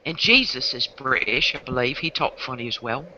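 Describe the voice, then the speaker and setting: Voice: medium pitch, lively intonation, moderate pace, highs cut off, a loud crowd. A host, chatting animatedly in a casual group chat and acting out quotes.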